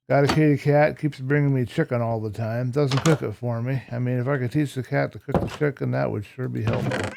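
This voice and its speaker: A man's voice: medium pitch, vocal fry, warm tone, slight background noise. A man giving casual Minecraft gameplay commentary, a little tired and yawning, who likes to explain each step as he builds. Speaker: Minecraft YouTuber.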